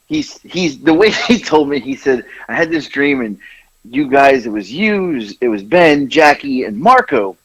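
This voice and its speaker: A man's voice: medium pitch, measured pace, highs cut off. A man co-hosting a podcast, telling a story in casual chat, laughing often and acting out what others said. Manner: animated, laughs often, acts out quoted lines. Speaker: podcast co-host.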